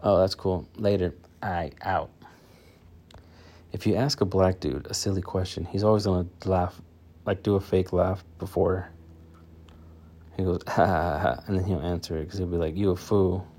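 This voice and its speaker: A man hosts his own podcast solo, chatting loosely with many fillers and restarts. His voice is low and dark, with fairly even intonation, a moderate pace, and long pauses.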